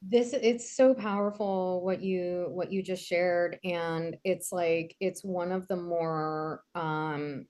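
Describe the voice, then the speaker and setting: A woman podcast host answers her guest in a slow, thoughtful way. Her voice sits on the low side. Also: steady tone, darkish tone. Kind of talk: reflective response in a podcast interview.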